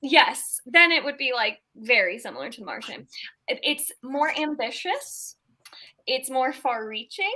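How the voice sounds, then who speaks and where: A woman co-hosting a book podcast in casual chat, enthusiastic and quick to laugh. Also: high voice, animated, sharp tone. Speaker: podcast co-host.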